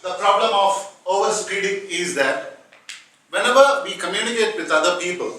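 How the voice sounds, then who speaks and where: High, bright-voiced man teaching speaking. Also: slight background noise. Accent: Indian English. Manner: explains step by step, asks the room questions. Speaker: public speaking trainer. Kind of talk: classroom workshop lecture. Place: training room with a live audience. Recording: echoey room, mic at a distance.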